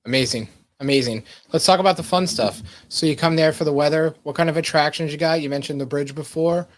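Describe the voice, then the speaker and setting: A man hosting a podcast, putting brief questions and quick reactions to his guest. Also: fairly high pitch. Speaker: podcast host. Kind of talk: interview questions.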